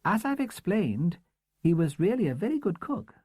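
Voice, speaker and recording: A man's voice: sits high, sing-song, moderate pace, darkish tone, husky, no echo, studio quality, voice pushed up, full character voice. A man voicing a courteous, distant older Englishwoman with a southern English accent and formal, old-fashioned manners. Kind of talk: audiobook character voice.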